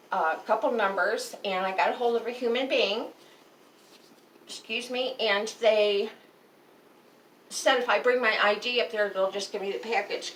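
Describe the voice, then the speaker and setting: A woman telling a personal story to her viewers in a casual, rambling way, often correcting herself mid-sentence. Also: on the high side. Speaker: vlogger. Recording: echoey room, distant mic, faint noise.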